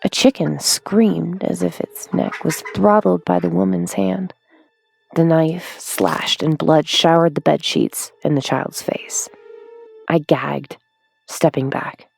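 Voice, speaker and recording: A woman narrating a horror story in a hushed, drawn-out way, sometimes dropping to a whisper. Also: deep voice, steady tone, vocal fry, slightly rough, soft background music. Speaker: audiobook narrator.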